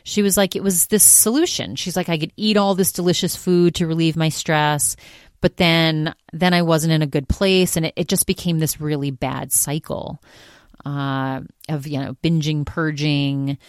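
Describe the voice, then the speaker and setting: A woman's voice: deep voice, steady tone, moderate pace, clear, resonant tone, dry recording, studio quality. A woman hosting her own podcast, casually recapping another show and retelling what was said in a chatty, quote-heavy way. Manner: chatty retelling, constantly quoting others with "she's like". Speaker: podcast host.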